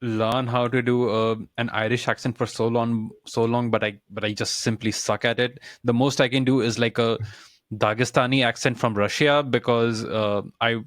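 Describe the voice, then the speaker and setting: A man's voice: mid-range voice, fairly even intonation, moderate pace, dry recording, studio quality. A man with an Indian accent, co-hosting a podcast in a friendly, chatty and self-deprecating way. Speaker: podcast co-host. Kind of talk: casual podcast interview.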